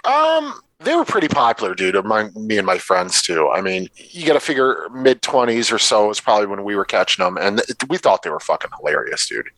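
A man's voice: on the low side, big pitch swings, brisk, hardly any pauses, a bit bright, no room sound, low-quality recording. A man in his thirties co-hosting a film podcast, giving blunt opinions and calling his friend dude. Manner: blunt, says dude, swears. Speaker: podcast co-host. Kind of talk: casual film review chat.

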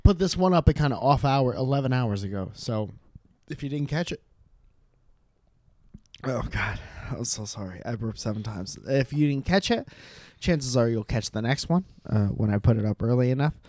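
A man's voice: mid-range voice, lively intonation, fairly quick, darkish tone, no echo. A man co-hosting a podcast in loose, casual chat, swearing often and restarting his sentences. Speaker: podcast co-host.

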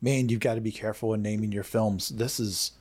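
A man's voice: on the low side, steady tone, brisk, darkish tone, breathy edge. A man talking casually about movie trailers on a podcast, musing and opinionated, with frequent restarts. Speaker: podcast panelist.

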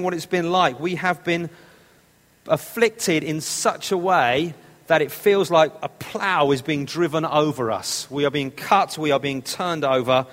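A man's voice: a little high, a bit bright, in a large hall. A man preaching a sermon, explaining a text step by step and repeating phrases for emphasis.

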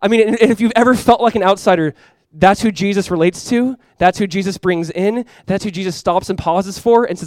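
A fast, high-voiced male pastor delivering a sermon. He preaches with animation and acts out the voices in the story. The sound is dry and close. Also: no echo. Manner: animated preaching, acts out biblical voices, swings between loud and hushed.

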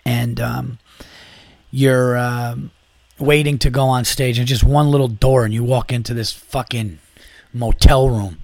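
A man's voice: mid-range voice, fairly even intonation, measured pace, vocal fry, darkish tone, dry recording. Profane rambling comedian man. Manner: profane, rambling, lots of "like" and restarts. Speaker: comedian podcast host. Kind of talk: casual comic storytelling.

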